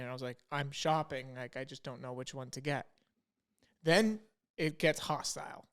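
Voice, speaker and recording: A man's voice: medium pitch, moderate pace, smooth. A young man, a podcast co-host, telling a story in casual chat and acting out the dialogue. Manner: animated, quotes himself and others in dialogue.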